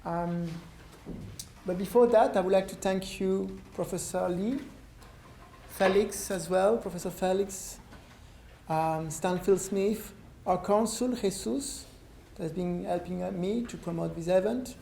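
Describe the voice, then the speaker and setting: French-accented man, hoarse, in an echoey hall. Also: sits high, warm tone. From France. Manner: halting, repeats words, many ums. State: losing his voice. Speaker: visiting ambassador speaking to an audience. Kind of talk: public talk with Q and A. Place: lecture room at a university. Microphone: no microphone, room recording. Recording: echoey room with faint noise.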